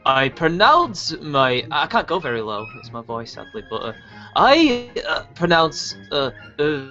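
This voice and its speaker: A woman's voice: unhurried, faint music behind. A woman chatting casually in a group and doing playful voice impressions. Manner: animated, playful, expressive pitch swings. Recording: dull lo-fi online call audio.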